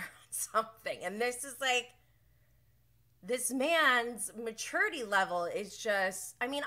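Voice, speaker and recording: A young adult woman hosting a casual recap show, telling the story with animated quoted voices. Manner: animated storytelling, acts out quotes with big pitch jumps. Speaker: podcast host.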